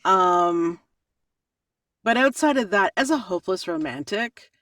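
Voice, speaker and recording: A woman audiobook narrator answering interview questions in a chatty, animated way, often laughing. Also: medium pitch, a little slow, dry recording, clean studio sound, far from the mic.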